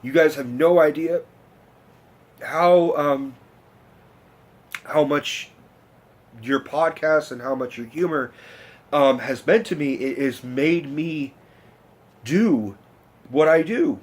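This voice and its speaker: Young man, fairly high voice, excitable, swears a lot, rambling story. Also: takes it slowly, pauses often, slightly rough. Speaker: vlogger. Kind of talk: casual storytelling rant.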